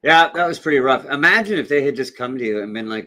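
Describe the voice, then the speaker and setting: A man's voice: mid-range voice, expressive, fast talker, sharp tone. A man co-hosting a casual livestream chat, laughing often and swearing casually. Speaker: co-host.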